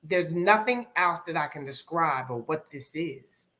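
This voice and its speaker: Brief: middle-aged woman, deep-pitched, candid and reflective, podcast guest recounting hard times. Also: expressive, measured pace, fairly bright tone. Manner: candid, reflective, with many ums and repeated phrases. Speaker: guest life coach. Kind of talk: podcast interview storytelling.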